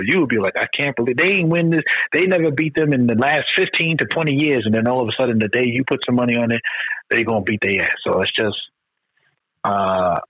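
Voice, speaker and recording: Excitable man with a husky voice. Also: on the low side, dry recording, highs cut off. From Georgia, US. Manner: excitable, acts out game reactions. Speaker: podcast co-host. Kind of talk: casual sports chat.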